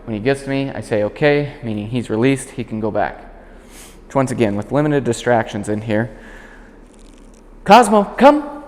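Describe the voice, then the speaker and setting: A man working as a dog trainer, calmly explaining a demonstration and switching to short, clear commands for the puppy. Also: mid-range voice, fairly quick, in a large hall, a little hiss or hum. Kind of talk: instructional demonstration.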